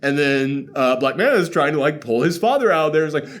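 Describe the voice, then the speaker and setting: A man hosting a casual movie reaction chat, sarcastic and laughing often as he acts out scenes in quick voices. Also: on the high side, expressive. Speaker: podcast host.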